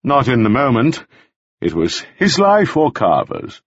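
A man voicing a stern, commanding male jailer who speaks calmly and curtly in a storybook reading. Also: medium pitch, a little slow, husky, no echo, lo-fi sound, voice pushed up, heavily acted. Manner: calm, clipped, stern. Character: cold, commanding male jailer, calm and curt.

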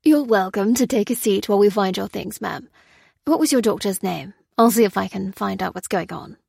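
A woman's voice: medium pitch, moderate pace, dry recording, studio quality, close to an everyday voice. Woman voicing a genteel grandfatherly scientist. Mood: genial. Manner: courteous, soothing and calmly in charge. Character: grandfatherly older male scientist, smoothly polite and sinister.

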